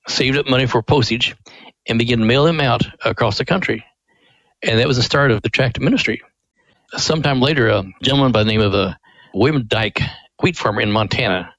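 An older man from Missouri tells a family story in a folksy, unhurried way. He speaks at a middle pitch, and his voice is close and dry with no room sound. He is earnest and devout, and he brings quoted people to life as he goes. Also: fairly bright tone, no echo, rough recording. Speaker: ministry director, guest.

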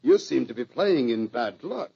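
An actor playing a menacing foreign-accented gambler villain in an old radio drama, smooth and deliberate. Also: male voice, medium pitch, big pitch swings, heavily acted. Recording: dull lo-fi old radio recording.

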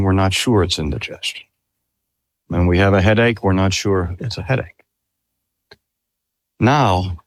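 An older man, a pastor, preaching a sermon in a slow, measured way. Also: deep voice, dry recording, clean studio sound. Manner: slow, measured delivery with lively rises and falls.

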